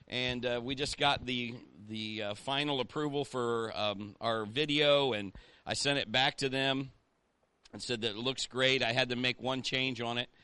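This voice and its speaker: Bright-voiced man preaching a sermon. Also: mid-range voice, steady tone, normal speed, clean tone, no room sound. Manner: conversational, rallying with call-outs to the congregation. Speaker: pastor.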